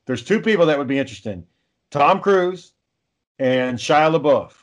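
A man's voice: fairly high pitch, lively intonation, normal speed. A man in casual podcast banter who builds joking scenarios and acts out both sides of them. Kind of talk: casual chat.

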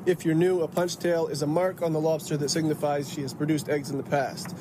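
A man explaining lobster fishing in a brisk, informative way, recorded for a video. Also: a little high, level tone. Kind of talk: video narration. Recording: outdoor video clip with traffic noise. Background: outdoor traffic noise.

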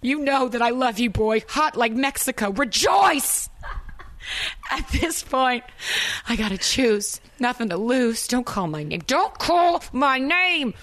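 A woman's voice: high-pitched, animated, slow pace, fairly bright tone, pitched above the performer's own voice, heavily acted. A woman putting on a melodramatic Italian American woman with a put-on New Jersey accent, pleading with her lover in an improvised dramatic reading. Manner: over-the-top dramatic recitation, swooping between whispers and cries.

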